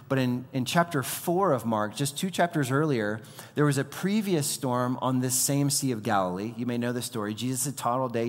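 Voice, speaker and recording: A man preaching a sermon, telling Bible stories animatedly and acting out the quoted lines. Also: medium pitch. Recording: reverberant hall.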